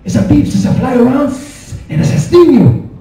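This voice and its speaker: A man's voice: extremely high pitch, big pitch swings, normal speed, vocal fry, very echoey, distant mic, pitched above the performer's own voice, exaggerated voice. A man voicing an older Mexican immigrant father who speaks blunt, broken English with a Mexican Spanish accent. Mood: explaining.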